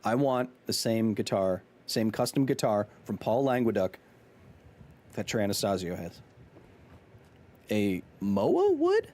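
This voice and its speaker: A man's voice: on the low side, normal speed. A man in his thirties streaming a game, joking and chatting casually with his viewers. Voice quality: animated, jokey, talks to chat. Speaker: gaming streamer.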